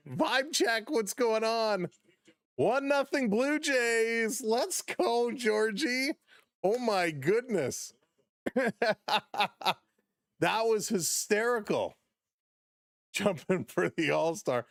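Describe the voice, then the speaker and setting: A man hosting a live baseball play-by-play stream, excitable on big plays, chuckling often and greeting chat viewers by name. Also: high voice, extremely slow, long pauses, dry recording.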